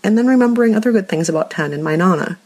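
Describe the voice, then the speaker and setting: A woman's voice: medium pitch, expressive, rapid-fire, darkish tone. A woman co-hosting a podcast, talking earnestly and at length in casual chat. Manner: earnest, rambling storyteller. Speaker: podcast co-host.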